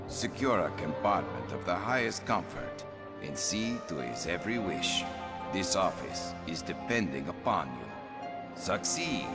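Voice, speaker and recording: An imperious director of a train company who speaks in a very deep, low voice. He issues his orders in a formal, commanding manner. Game music plays clearly behind him. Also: full character voice.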